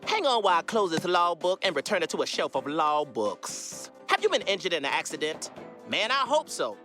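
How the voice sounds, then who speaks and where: Smug cartoon lawyer doing his ad pitch, bright and bouncy, bit of music under it. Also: big pitch swings, fairly quick. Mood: salesy. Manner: salesy, smug commercial pitch. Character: slick, shameless man, a local TV lawyer.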